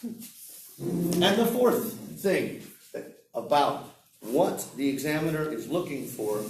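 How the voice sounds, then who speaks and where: A man teaching English at a seminar, lecturing slowly and demonstrating example sentences aloud. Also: fairly high pitch, big pitch swings, a little hiss or hum. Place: seminar room. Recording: roomy echo, heard from far off.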